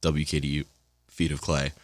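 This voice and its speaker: A man's voice: a bass voice, flat delivery, normal speed, slight background noise. A man working as a college radio DJ with the hiccups, announcing songs in a loose, rambling way with self-deprecating asides, in a studio on a broadcast mic. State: has the hiccups.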